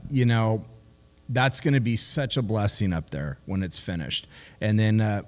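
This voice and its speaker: Chatty pastor man in a reverberant church. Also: medium pitch. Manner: conversational, animated when telling stories, many fillers. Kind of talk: casual sermon with storytelling. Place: church sanctuary. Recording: long church hall reverb.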